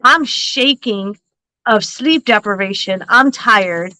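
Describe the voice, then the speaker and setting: A woman hosting a psychic-reading livestream, telling a story in an animated, laughing way and swearing freely. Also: mid-range voice, slow, no echo, rough recording. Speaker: psychic reader and livestream host.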